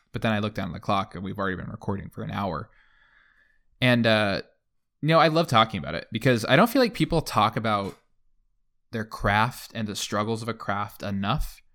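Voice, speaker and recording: A man's voice: lowish voice, animated, fairly quick, fairly bright tone. Rambling young man, casual podcast host. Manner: rambling, lots of fillers like "like" and "you know". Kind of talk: casual chat.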